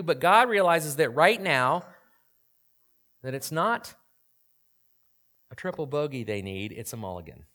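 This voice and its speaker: A man's voice: fairly high pitch, lively intonation, unhurried, long pauses, pushed and bright. Conversational man in his forties preaching. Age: 40s. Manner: conversational, asks the audience questions. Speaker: pastor. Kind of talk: sermon.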